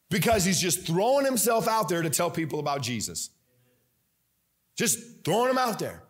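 A man's voice: high voice, moderate pace, husky. A man preaching a sermon in a church, telling stories with lots of energy, fillers and repeated phrases. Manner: energetic, animated storytelling with many fillers and repetition. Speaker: pastor. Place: church sanctuary.

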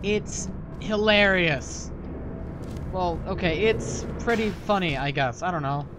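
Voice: medium pitch, slow pace, background noise. A let's player giving casual gameplay commentary, rambling and jokey, with playful asides. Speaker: video game let's player.

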